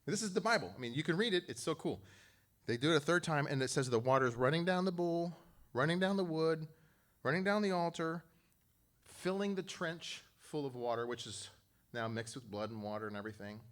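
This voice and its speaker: Animated man preaching a lively sermon. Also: a little fast. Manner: animated storytelling, acting out quotes with jumps in pitch and volume; conversational, joking asides to the congregation. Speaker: pastor.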